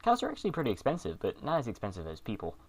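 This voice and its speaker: A man delivering scripted comedic narration in a sarcastic, deadpan way with quick asides. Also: mid-range voice. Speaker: comedy video host.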